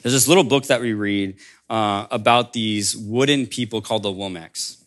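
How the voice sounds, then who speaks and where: A man's voice: fairly low pitch, moderate pace. Conversational male pastor telling a story. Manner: conversational storytelling, drops to soft emphasis. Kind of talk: sermon.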